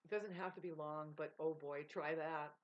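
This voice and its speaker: A woman's voice: low-pitched, fairly even intonation, normal speed. A woman vlogging in a rambling, profane casual monologue, laughing mid-sentence. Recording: dull lo-fi sound.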